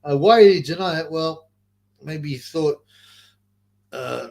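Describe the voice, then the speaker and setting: A man's voice: on the high side, slow, vocal fry, pauses often, a little mellow. A middle-aged man hosting a boxing livestream, rambling and swearing through loose, casual stories. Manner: rambling, profane, loose storytelling.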